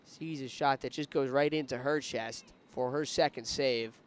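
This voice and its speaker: A man's voice: mid-range voice, moderate pace, smooth. A man giving live play-by-play commentary on a women's soccer match, lifting his voice when attacks build. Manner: rising excitement on attacking plays.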